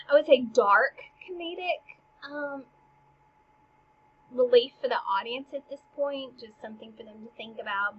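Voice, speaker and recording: A woman's voice: fairly high pitch, slightly rough, dull audio. A woman teaching a literature lesson, paraphrasing casually and dropping into whispered asides.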